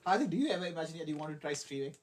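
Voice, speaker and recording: A man's voice: on the high side, lively intonation, rapid-fire, a little hiss or hum. A young man, chatting on a casual live stream while building a model kit, hyper, giggly, swearing and rambling. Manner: hyper, giggly and profane, rambling self-mockery.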